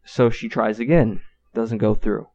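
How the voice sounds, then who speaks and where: A man's voice: lowish voice, fairly even intonation, unhurried, a little mellow, muffled recording. A man co-hosting a podcast, telling a story in a loose, profane style with lots of fillers. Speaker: podcast co-host. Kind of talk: casual storytelling.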